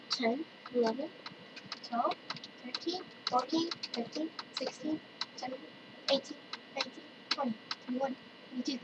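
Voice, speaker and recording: A woman chatting excitedly through her own gameplay and calling out to other players. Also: fairly high pitch. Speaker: let's-play gamer. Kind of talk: casual gameplay commentary. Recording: distant mic with loud noise.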